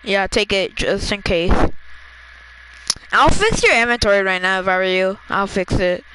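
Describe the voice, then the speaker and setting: A gamer chatting casually during a match, excitable and quick to laugh, giving a teammate quick instructions. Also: medium pitch, background noise. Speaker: gamer playing with a friend. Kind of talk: casual gameplay chat.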